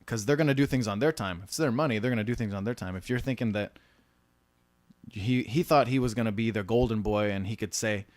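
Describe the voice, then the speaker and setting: A man's voice: lowish voice, quick pace, dry recording. A man casually telling film-business stories, slipping into mimicked voices for the people he quotes. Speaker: podcast co-host.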